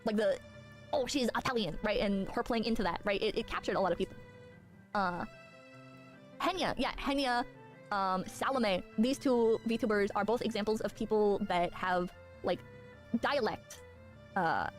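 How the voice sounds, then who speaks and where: A woman streamer giving casual advice, brisk and chatty, who often ends points with "right?". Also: medium pitch, faint music behind. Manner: brisk, advisory, keeps tagging "right?". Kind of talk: casual chat.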